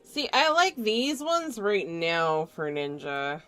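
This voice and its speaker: A woman's voice: on the low side, big pitch swings, slow pace, fairly bright tone. A woman game streamer chatting casually with viewers, sleepy and trying not to yawn. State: sleepy, stifling yawns. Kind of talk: casual gaming stream chat. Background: faint chill background music.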